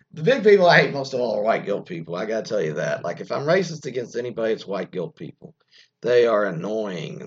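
A man's voice: on the low side, breathy edge. An American man giving rambling, opinionated podcast commentary, often restarting his sentences and reading news items aloud before going off on tangents. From United States. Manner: rambling, frequent restarts and fillers, reads news aloud then riffs. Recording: dull lo-fi sound.

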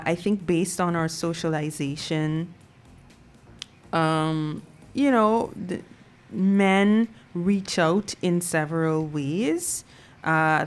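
A woman hosting a radio call-in show, musing thoughtfully with many fillers. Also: fairly low pitch. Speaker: radio talk show host.

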